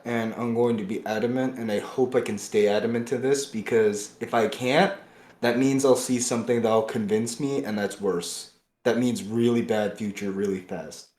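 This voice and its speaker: A man co-hosting a podcast, ranting angrily about politics, swinging between loud bursts and low muttering, often breaking off and restarting. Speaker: podcast co-host. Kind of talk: heated political podcast rant. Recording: roomy echo.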